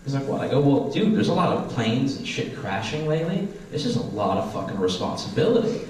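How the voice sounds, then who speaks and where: A young man in his twenties runs a cheeky stand-up set, his pitch swinging up and down as he mocks himself. The sound is echoey, with a light hiss and the mic far off. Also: very animated, a little fast, darkish tone. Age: 20s. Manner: self-deprecating, profane, bouncy. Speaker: stand-up comedian. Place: small stage at a comedy class show.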